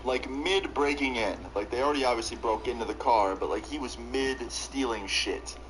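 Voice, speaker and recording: A man's voice: medium pitch, moderate pace, fairly bright tone, a little hiss or hum, poor audio. A young man streaming live, telling a long story in a casual, rambling way full of "like". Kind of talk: storytelling while live gaming.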